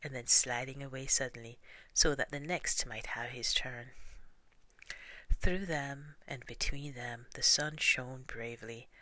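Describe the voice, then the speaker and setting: A man narrating a children's storybook slowly and softly, often sinking to a whisper. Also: medium pitch, fairly even intonation, no echo. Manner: slow and soft, often hushed to a whisper. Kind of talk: storybook reading.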